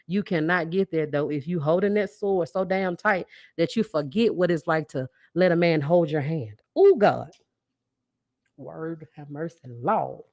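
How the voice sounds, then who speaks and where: A woman's voice: sits low, normal speed, hardly any pauses, a little mellow, dry recording, studio quality. A woman hosting a podcast, giving a preachy, motivational monologue with call-and-response lines and frequent laughs. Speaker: podcast host.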